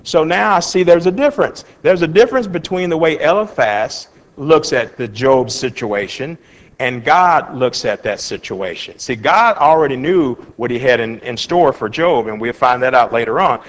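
A man's voice: medium pitch, moderate pace, big-room sound, poor audio. A man teaching an informal Bible study, reading verses aloud and then explaining them in a plain, conversational way. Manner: animated, acts out Job's feelings in his own words.

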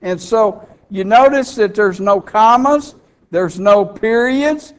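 A man's voice: sits high, takes it slowly, clear, resonant tone. A man preaching an expository sermon, reading scripture aloud and explaining it to his congregation. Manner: teaching, reads scripture aloud, asks the crowd questions.

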